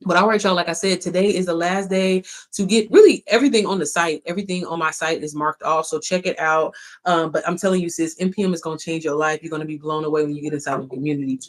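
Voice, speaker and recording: A woman's voice: deep voice, steady tone, quick pace. A woman chatting casually on a livestream to her followers, playful and sassy, swearing freely and calling them sis and baby. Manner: calls listeners sis and baby. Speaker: online business coach.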